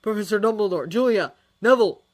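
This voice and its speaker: A woman voicing a brave young schoolboy wizard, earnest and calling out, close to her own low voice. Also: brisk, close to an everyday voice. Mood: shouting.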